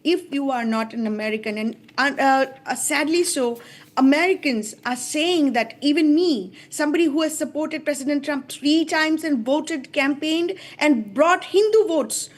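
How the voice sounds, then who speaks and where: A woman's voice: sits high, normal speed. A woman speaking as a panelist in a live TV news debate, impassioned and emphatic, hammering her points with repetition.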